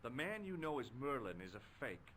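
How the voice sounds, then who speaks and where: A man's voice: mid-range voice, very animated, fairly quick, fairly bright tone. An actor playing a polite, earnest young American man investigating a case in a video game. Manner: polite, earnest, plain-spoken. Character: polite young American male tourist detective.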